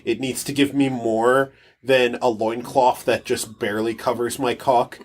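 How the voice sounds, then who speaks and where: A man's voice: medium pitch, flat delivery, unhurried. A man co-hosting a casual gaming podcast, joking and mocking himself, often stumbling and restarting his words. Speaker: podcast co-host.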